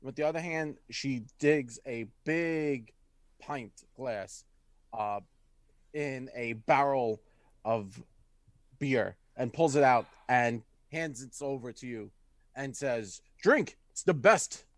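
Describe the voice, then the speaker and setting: A male game master narrating a tabletop game, his pitch mid-range. His delivery is measured and descriptive, dotted with fillers, and the sound is close and dry. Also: no echo.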